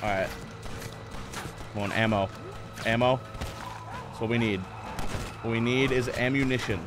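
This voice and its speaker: A man's voice: medium pitch, measured pace, over loud music. A man streaming a video game, joking playfully and blurting mock gunshot sounds. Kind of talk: gameplay commentary.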